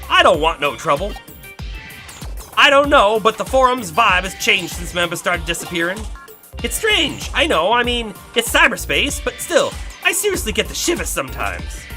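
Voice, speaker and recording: Chatty country girl, put on by a man, high folksy drawl, double negatives, bright lively voice. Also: heavily acted. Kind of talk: reading game dialogue aloud.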